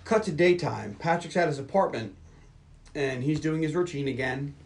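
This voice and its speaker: A man hosting a podcast, casually retelling a film's plot in a brisk storytelling manner. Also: a little high, recorded from a distance. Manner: brisk storytelling, mimics characters. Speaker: podcast host. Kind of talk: casual film recap.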